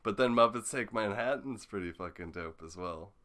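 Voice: sits low, moderate pace, fairly bright tone. A podcast host in casual comedic interview mode, loose and joking, giggling often.

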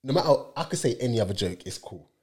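A man's voice: mid-range voice, animated, fast, a little mellow, breathy edge. A man in a casual podcast chat, eager and stumbling over restarts.

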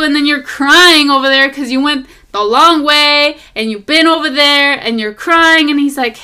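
A woman's voice: high voice, moderate pace, hardly any pauses. Chatty woman rambling on a voice memo. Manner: rambling and animated, drifting off topic, lots of fillers. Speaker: podcast host. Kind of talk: casual faith chat recorded as a voice memo. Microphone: phone voice memo.

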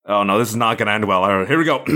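A man's voice: on the low side, expressive, fast talker, sharp tone. A man co-hosting a casual chat with a wry, joking manner.

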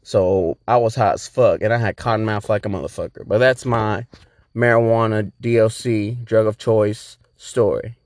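A man's voice: lowish voice, steady tone, moderate pace, darkish tone, dry recording. A man hosting a podcast, telling a rambling, profane story in a laid-back, casual way. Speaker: podcast host.

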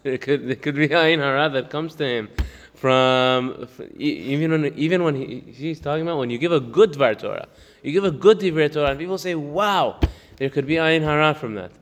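In a casual Torah class, a man reads a Hebrew text at speed, then explains it in English with frequent laughter. His voice is on the high side, and the audio has a big-room sound with a little hiss or hum.

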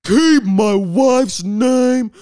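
A man putting on an enraged man who yells a threat, high, slow and strained. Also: clear, resonant tone, full character voice. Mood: furious yelling. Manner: shouted, drawn-out, high and strained. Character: furious man yelling a threat on stage.

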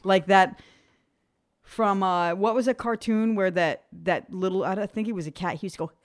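This woman in her forties is co-hosting a relaxed podcast conversation. She tells her stories with plenty of animation and slips into the voices of the people she quotes. Her voice sits at a middle pitch. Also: moderate pace. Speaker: podcast co-host. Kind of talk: casual chat.

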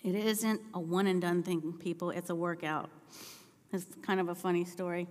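A woman's voice: lowish voice, fairly even intonation, moderate pace. Woman preaching in an echoing hall. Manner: storytelling, rising to impassioned shouting. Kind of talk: sermon. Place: church sanctuary.

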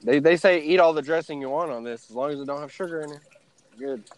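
A man's voice: a little high, fast talker. A man with a Southern US accent co-hosting a casual, profane, joking chat show. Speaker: podcast co-host.

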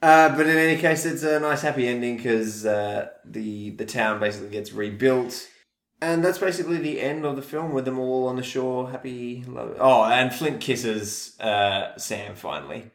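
A man's voice: medium pitch, moderate pace, reverberant. A man co-hosting a podcast, casually retelling a film plot and acting out the characters' lines. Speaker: podcast co-host.

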